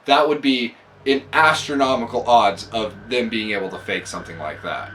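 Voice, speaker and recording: A man voicing a confident polygraph examiner, earnest and insistent, plain mid-pitched voice, set back from a distant mic with a faint hum behind. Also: moderate pace, fairly bright tone, lightly acted.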